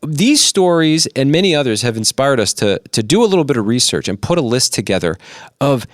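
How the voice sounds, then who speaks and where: Animated male radio host. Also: mid-range voice, fairly quick, dry recording, clean studio sound. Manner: animated, storytelling. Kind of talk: casual radio chat.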